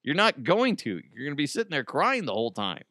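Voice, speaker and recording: A man's voice: a little high, huge pitch swings, fairly quick, pushed and bright, no echo, studio quality. A man in his thirties, a podcast host, telling stories in a casual, joking monologue and laughing often.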